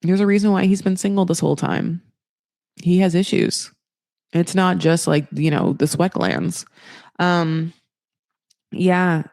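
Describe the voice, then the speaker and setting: A woman's voice: lowish voice, steady tone, unhurried, gravelly, pauses often, darkish tone, dry recording. Chatty, sarcastic woman podcaster. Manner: chatty, profane, sarcastic, many fillers. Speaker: podcast host. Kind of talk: casual reality TV recap.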